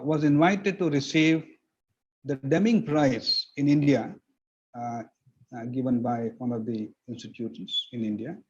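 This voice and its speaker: A man delivers an earnest lecture to students, explaining points patiently and weaving in anecdotes. His voice sits a little high for a man. The recording is dull and lo-fi, as if captured from a lectern microphone. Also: a little mellow. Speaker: guest speaker.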